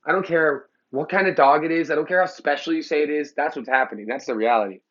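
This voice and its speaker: Fast and a bit bright, the man's voice runs on the high side as he rants to the camera. He's a Los Angeles dog trainer, blunt, heated and profane, and the recording is muffled.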